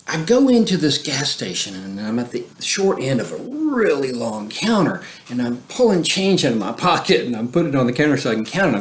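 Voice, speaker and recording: Rambling man telling a story. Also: fairly high pitch. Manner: rambling, full of fillers, chuckling often. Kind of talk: casual personal storytelling.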